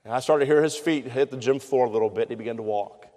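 A man's voice: mid-range voice, rapid-fire, warm tone. Man preaching in a reverberant chapel. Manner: storytelling, earnest and conversational. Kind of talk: sermon. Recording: long hall reverb.

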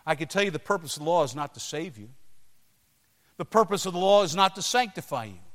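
A male preacher with a fairly high voice delivers his sermon through personal stories, leaning on emphatic phrasing and dramatic pauses. His words ring through a long, reverberant hall. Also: a bit bright.

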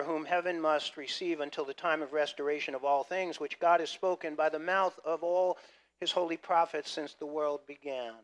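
Lively male pastor preaching. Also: on the high side. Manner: lively, swings between loud emphasis and quiet asides. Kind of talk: sermon.

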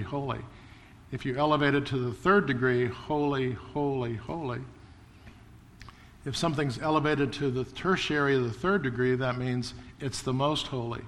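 A man's voice: medium pitch, fairly bright tone, in a large hall, slight background noise. A man preaching a sermon as pastor, earnest and building emphasis through repetition. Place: church sanctuary.

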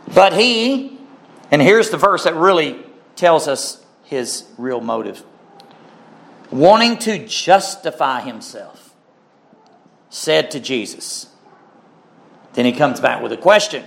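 A man preaching a Bible sermon, pressing his points with rising emphasis and rhetorical questions to the congregation. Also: medium pitch. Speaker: pastor.

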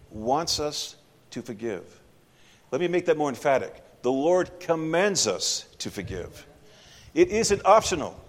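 A man preaching in a church, his fairly high voice rising and falling widely as he drives points home. He talks in a conversational, emphatic way and keeps putting questions to the congregation. A long reverb from the sanctuary hangs behind every phrase. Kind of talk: sermon.

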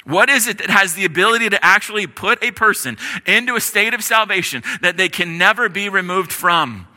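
A man preaching a sermon as pastor, emphatic, with repetition and dramatic pauses. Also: sits high, sharp tone, long reverb tail.

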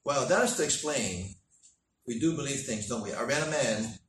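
A man's voice: mid-range voice, animated, moderate pace, fairly bright tone, far from the mic, a little hiss or hum. Folksy preacher man in an echoey room. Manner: folksy anecdotal telling with quoted dialogue. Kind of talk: sermon storytelling.

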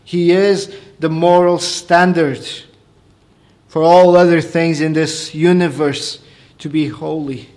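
Man, sermon preaching, slightly high pitch, builds to emphatic passages. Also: flat delivery, slow pace. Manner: builds from quiet explanation to raised, emphatic preaching.

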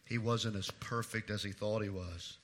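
A man pastor preaching a sermon, swinging between loud emphatic declarations and hushed, low asides. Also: steady tone, moderate pace.

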